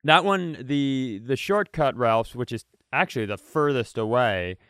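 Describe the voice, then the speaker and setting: A man's voice: medium pitch, expressive, unhurried, a bit bright, clean tone, no room sound, clean studio sound. A man co-hosting a comedy podcast in casual chat, with faint traces of a Southern US accent. He rambles, loses his words and mocks himself. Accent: faint Southern US, mostly trained out. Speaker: podcast co-host.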